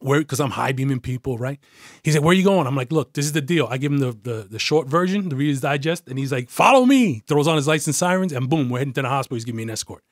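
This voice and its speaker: A man's voice: mid-range voice, fast, dry recording, studio quality. A middle-aged man, a former detective telling a story bluntly, swearing often and acting out the voices of people in it. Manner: blunt, profane, acts out voices in his stories. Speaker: retired police detective. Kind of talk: casual storytelling interview.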